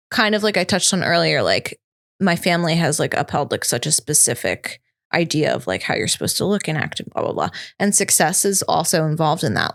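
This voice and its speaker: Gravelly-voiced reflective woman. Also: fairly low pitch, a bit bright. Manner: reflective, lots of "like", gets emotional. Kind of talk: casual chat.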